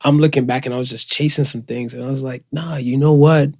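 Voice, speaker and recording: A man's voice: medium pitch, fairly even intonation, fast talker, vocal fry. A man co-hosting a casual podcast, rambling and padding his points with filler phrases. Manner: rambling, fills with "and stuff". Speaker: podcast co-host.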